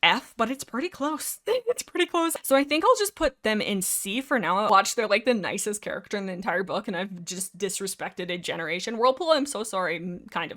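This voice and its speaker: A woman's voice: mid-range voice, sharp tone. Playful woman doing comic commentary. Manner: playful, theatrical, quick jokey asides. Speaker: video creator. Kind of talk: casual comedic commentary.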